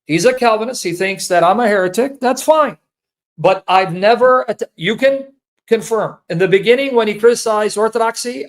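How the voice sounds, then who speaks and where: A man giving an earnest, emotional personal testimony, often repeating himself. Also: sits high. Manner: earnest, repetitive, pleading. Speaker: apologetics speaker.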